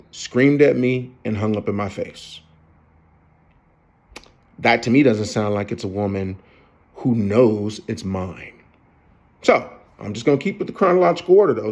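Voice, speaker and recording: A fifty-year-old man tells a rambling confessional story straight to his viewers. His talk is profane and loose, full of fillers, false starts and asides. He sits at a middling pitch for a man. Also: a little mellow. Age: 50s. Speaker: vlogger.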